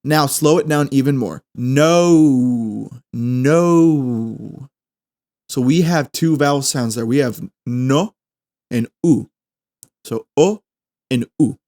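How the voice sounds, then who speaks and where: Slow-talking young man teaching. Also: medium pitch, a little mellow. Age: 20s. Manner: chatty, repeats phrases slowly to teach. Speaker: podcast host. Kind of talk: casual language-lesson chat.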